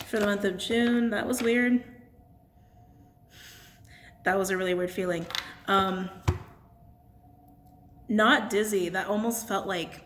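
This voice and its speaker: A woman's voice: medium pitch, steady tone, slow, long pauses, fairly bright tone, a little hiss or hum. Chatty, blunt woman giving a reading. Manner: chatty, laughs often, blunt and swearing. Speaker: tarot and crystal reader. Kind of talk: casual channeled reading to camera.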